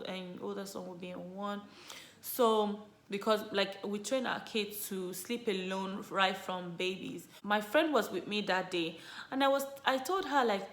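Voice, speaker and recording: A woman vlogger casually telling viewers her story, chatty and animated, full of "you know" and "like". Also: mid-range voice. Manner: animated, lively retelling. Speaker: vlogger, mother sharing her birth story. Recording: roomy echo.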